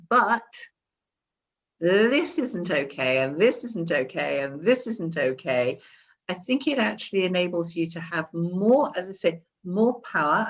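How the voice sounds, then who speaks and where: A woman talking as a wellbeing specialist in a casual conversation, animated and demonstrative, laughing often. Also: mid-range voice, lo-fi sound. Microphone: seated at a chair.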